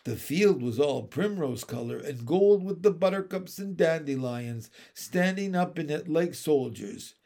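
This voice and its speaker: A man reading a children's storybook aloud, in a slow, unhurried, measured way. His voice sits a little high for a man, and his telling is gentle. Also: animated. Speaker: audiobook narrator.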